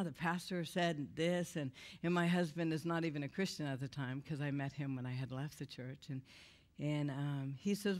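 A middle-aged woman, invited as a guest speaker, gives a confessional testimony sermon in church, telling her story with emotion and laughter. Her voice is deep and darkish, with fairly even intonation at a normal speed.

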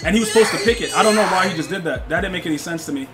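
A young man streaming a football video game live, chatting with his viewers, excitable and slangy, often repeating himself. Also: high-pitched, racing, loud music behind the voice.

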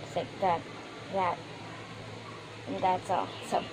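A woman's voice: fairly low pitch, takes it slowly. A woman casually chatting through a toy unboxing, rambling and hesitant with many fillers. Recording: noisy room background.

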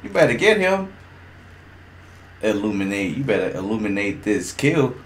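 A man streaming a shooter game, swearing, laughing and reacting loudly as he plays. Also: on the low side, big pitch swings, normal speed, a little hiss or hum. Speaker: gaming streamer. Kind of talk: casual gameplay commentary.

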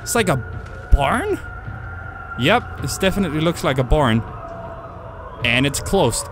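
Over clear game music and sound effects, a young man commentates his horror game playthrough, screaming, swearing at jump scares and making jokes to himself. His voice is a little high and very animated, at a measured pace.

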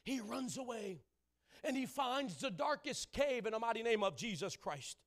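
A man preaching a sermon in a church, calling out to the congregation and rising into loud shouting. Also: very high voice, sing-song, normal speed. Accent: Southern California. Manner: call-and-response preaching, building to loud shouting. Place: church sanctuary.

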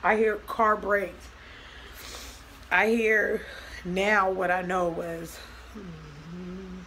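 A woman's voice: lowish voice, little pitch movement, drawn-out words, bright, forceful tone, slight background noise, rough recording. Woman, young adult, storytime vlog, casual retelling, plays every part in the conversations. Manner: loose, talky retelling, acting out both sides of conversations. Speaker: vlogger.

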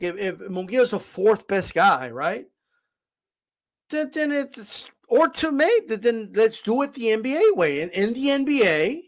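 A man's voice: sits high, a bit bright. A man hosting a reaction commentary who argues his point hard and keeps asking "right?". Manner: argumentative, keeps repeating "right?". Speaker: channel host reacting to a clip.

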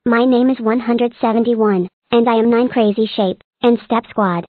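A woman voicing a bubbly female counting-block character with a flat announcing delivery. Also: on the high side, moderate pace, dry recording, lightly acted. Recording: tinny dry lo-fi audio.

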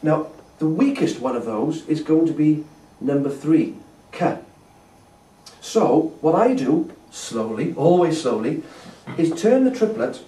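A man's voice: a little high, dark tone, distant mic. Echoey male brass teacher in a hall. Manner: patient, demonstrates by sounding syllables. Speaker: brass instructor. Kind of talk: masterclass teaching. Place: festival hall.

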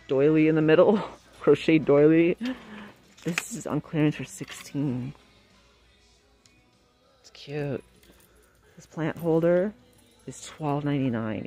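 Woman filming herself shopping on her phone, gushy and chatty, all excited over prices. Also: sits low. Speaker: shopping vlogger. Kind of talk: casual shop-with-me commentary. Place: in a large store.

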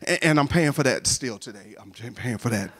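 A man's voice: medium pitch, moderate pace, slightly rough. A man speaking at a college chapel, telling a humorous personal story in a sermon and acting out the voices of the people in it. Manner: animated, acts out voices in his stories.

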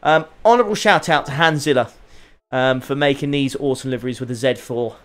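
A man streaming a racing game, chatting casually with viewers, excitable and jokey with plenty of swearing. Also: medium pitch, a little fast, faint music behind. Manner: excitable, joking, swears freely. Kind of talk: casual live-stream commentary.

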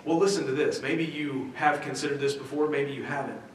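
A male pastor gives a conversational sermon in a church sanctuary, full of restarts and rhetorical questions. His mid-range voice is fairly quick with fairly even intonation. The mic is distant in a very echoey hall, with a little hiss or hum.

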